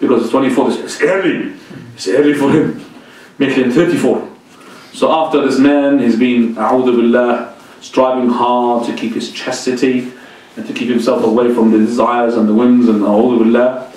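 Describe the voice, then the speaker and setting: A man, a sheikh, giving an informal, animated mosque lecture, joking and throwing in religious exclamations as he goes. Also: medium pitch, moderate pace, distant mic. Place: large mosque hall. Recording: very echoey hall, voice from afar.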